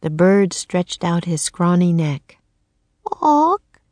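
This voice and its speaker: A woman's voice: fairly low pitch, a little slow, no room sound. Woman narrating a storybook. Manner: clear, steady storytelling.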